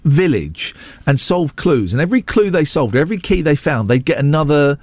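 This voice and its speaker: A man's voice: on the high side, sing-song, moderate pace, no room sound. A man, hosting a radio show in a rambling, self-deprecating chat that jumps between asides. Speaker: radio host. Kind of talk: casual on-air chat. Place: radio studio.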